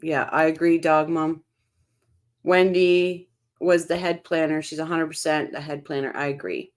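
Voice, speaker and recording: A woman's voice: low voice, steady tone, normal speed. A woman hosting a casual true-crime livestream, reading viewer comments aloud and reacting to them in a chatty way. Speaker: livestream host reading chat.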